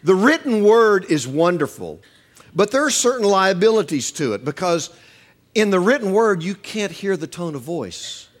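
A middle-aged male pastor preaching a sermon, animated and acting out quoted voices with humor. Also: high-pitched, moderate pace.

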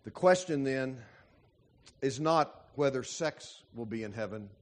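A man preaching a sermon as a pastor, emphatic and full of dramatic pauses. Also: mid-range voice, lively intonation.

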